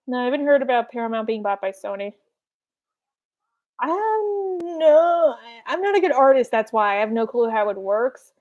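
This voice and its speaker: A woman's voice: on the high side, big pitch swings, darkish tone, muffled recording. A young woman chatting casually with fans in a live Q&A, rambling with lots of fillers. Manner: rambling, filler-heavy, quick quoted asides. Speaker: streamer answering fan questions.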